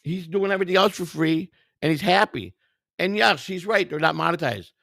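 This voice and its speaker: A man's voice: high-pitched, normal speed, gravelly, a bit bright, no echo, studio quality. A tired man hosting a live stream, reading viewer comments and firing back at them in a combative, profane way. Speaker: livestream host.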